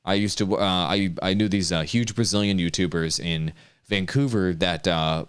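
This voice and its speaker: A man coaching streamers in a casual chat, energetic and quick to act out hyped examples. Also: low-pitched, clean tone.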